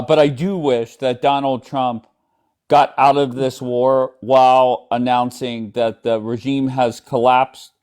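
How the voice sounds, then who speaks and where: A man's voice: mid-range voice, a little mellow, clear, resonant tone. A man hosts a casual live stream and talks politics with a guest. He is blunt and opinionated, and his voice sits in a mid range. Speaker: livestream host.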